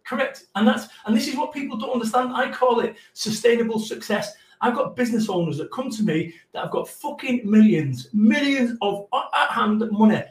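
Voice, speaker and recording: High-voiced man swearing emphatically. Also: a little fast, few pauses, reverberant, low-quality recording. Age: middle-aged. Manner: profane, emphatic, animated storytelling. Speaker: business coach, guest. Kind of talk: podcast conversation.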